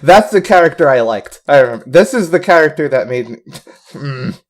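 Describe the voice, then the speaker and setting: A man co-hosting a casual audio commentary, rambling in a relaxed way and laughing often. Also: on the high side, normal speed. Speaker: commentary co-host.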